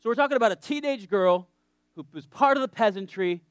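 A man's voice: sits high, expressive, a little fast, clear, resonant tone, no room sound. A man preaching a sermon in a conversational, joking way, often checking in with his listeners.

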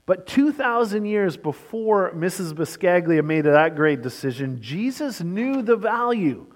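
A male pastor delivers a sermon with a somewhat high voice. He moves between brisk storytelling and slow, emphatic lines. A long reverb from a large church hall trails his words.

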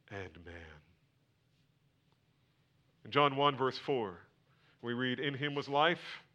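A man preaching a sermon, swinging from loud emphatic lines to near whispers. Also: medium pitch. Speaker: pastor.

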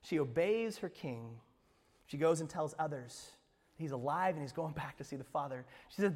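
A man pastor preaching an Easter sermon, expressive, swinging from hushed lines to emphatic ones with playful asides. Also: fairly high pitch, moderate pace, big-room sound. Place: church sanctuary.

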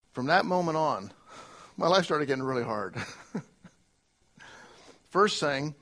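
Earnest man preaching a sermon. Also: mid-range voice. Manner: earnest, swings from loud exclamation to quiet reflection. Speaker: pastor.

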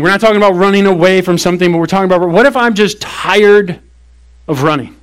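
A man with a notably high voice preaches to his church. He talks earnestly and drives his points home with slow, weighty emphasis. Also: expressive. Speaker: pastor. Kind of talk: sermon.

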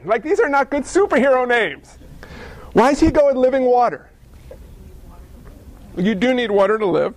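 A man delivers a sermon in a high, gravelly voice. He keeps it animated, mixing rhetorical questions with jokes. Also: normal speed, long pauses. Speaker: pastor.

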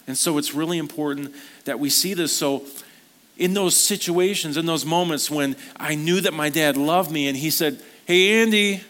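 A man's voice: on the high side, fairly even intonation, normal speed, fairly bright tone. A man preaching a sermon at a church service, speaking earnestly in a conversational storytelling manner. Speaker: pastor.

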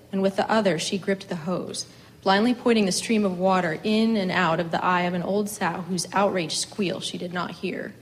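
A woman reading a story aloud in a measured, expressive way. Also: fairly low pitch, poor audio. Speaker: reader.

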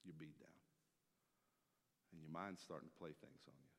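A man preaching a sermon from a church stage, emphatic, swinging from loud to hushed. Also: a bass voice, steady tone, normal speed, creaky, slightly rough. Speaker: pastor. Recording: long hall reverb.

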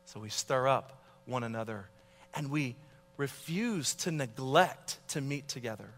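A man's voice: medium pitch, expressive, measured pace, a bit bright, long reverb tail. A middle-aged man preaching a sermon, earnest and exhorting, telling a story from his own life. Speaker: pastor.

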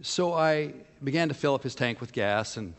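A man preaching as pastor at a medium pitch, telling a personal story in a plain, conversational way with frank asides. His voice rings out with the long reverb of a church hall. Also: expressive, normal speed. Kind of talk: sermon.

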